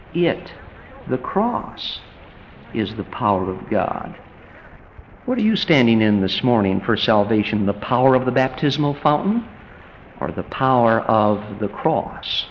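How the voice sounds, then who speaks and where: A man preaching a sermon, animated and rising to emphatic peaks as he drives his points home. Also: mid-range voice, muffled recording, a little hiss or hum.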